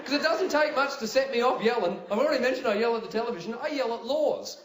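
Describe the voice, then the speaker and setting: A man with an Australian accent performing a stand-up comedy routine, telling stories animatedly and bursting into yells. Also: extremely high pitch, quick pace, a loud crowd, very noisy. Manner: animated storytelling, acts out voices, big yelling bursts. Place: live venue with audience laughter. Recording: roomy live venue sound with loud ambience.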